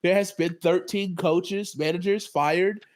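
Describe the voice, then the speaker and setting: A man's voice: sits high, fairly even intonation, measured pace. A man co-hosting a podcast, talking loosely and casually through a show recap, sounding tired. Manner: loose, chatty, laughs often. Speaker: podcast co-host. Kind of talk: casual chat.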